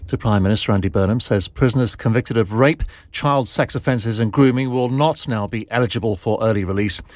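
A male newsreader reading a scripted bulletin in a measured, formal way. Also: on the low side, a little mellow, no room sound.

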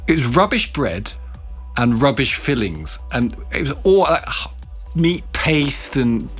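A male radio co-host chats in a wry, expressive way and then reads the headlines. His pitch swings widely. Faint music plays behind him in the studio. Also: slow, slightly rough. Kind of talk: casual chat and headline reading.

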